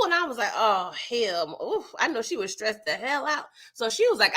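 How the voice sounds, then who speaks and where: A woman hosting a casual TV episode recap, talking in an animated, slangy way and joking with her live chat. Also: fairly high pitch, brisk, hardly any pauses. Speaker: TV recap host.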